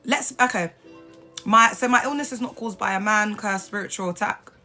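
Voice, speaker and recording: A woman speaks straight into her phone on a live stream, blunt and sassy, cursing as she goes. Her voice is bright and tense, with a little music playing faintly behind her. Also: medium pitch, moderate pace. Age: adult mother. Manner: blunt, sassy, swears freely. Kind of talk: casual live stream talk.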